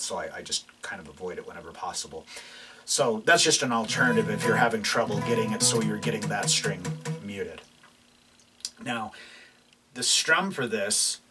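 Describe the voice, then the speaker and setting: A man with a lowish voice gives a relaxed guitar lesson, stopping and restarting as he explains and playing along as he talks. He sits a little back from the mic, and the guitar rings out clearly behind his words. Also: far from the mic. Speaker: guitar instructor.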